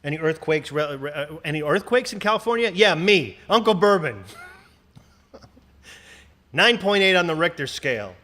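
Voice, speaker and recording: A man hosting a livestream, ranting in a casual, profane, animated way with sarcastic asides. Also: fairly high pitch, brisk. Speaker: livestream host.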